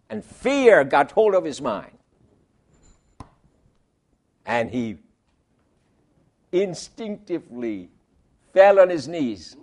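A man preaching a sermon, emphatic, asking rhetorical questions and swinging between loud and soft. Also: a little high.

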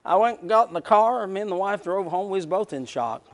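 A man's voice: sits high, lively intonation, fast. A man preaching a sermon, telling a story with emotive swells.

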